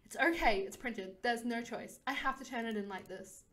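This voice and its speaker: A woman reading a story game aloud in an expressive way, narrating and voicing the heroine with frequent laughs. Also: fairly high pitch, normal speed. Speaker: game streamer. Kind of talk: reading a visual novel aloud.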